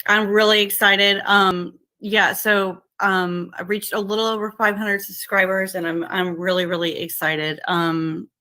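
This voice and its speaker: A woman hosting a casual livestream, greeting viewers by name and thanking them over and over, with lots of fillers and restarts. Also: medium pitch. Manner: halting, many fillers and restarts; repeats how excited and thankful she is. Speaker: livestream host.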